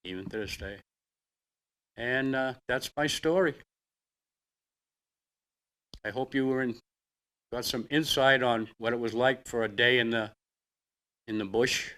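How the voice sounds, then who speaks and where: An older man with a Boston accent, a veteran telling his own story in a plainspoken, halting way. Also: medium pitch, fairly even intonation, pushed and bright. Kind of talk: personal storytelling.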